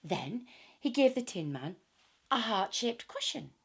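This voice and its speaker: Expressive woman reading a children's story. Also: fairly high pitch, measured pace, gravelly, slightly rough. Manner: expressive and animated.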